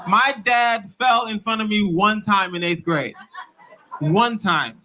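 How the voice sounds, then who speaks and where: A man doing a stand-up comedy bit, talking in an animated, laughing way. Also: takes it slowly, poor audio. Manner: animated, laughing, swinging up and down in pitch. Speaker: stand-up comedian in a played clip.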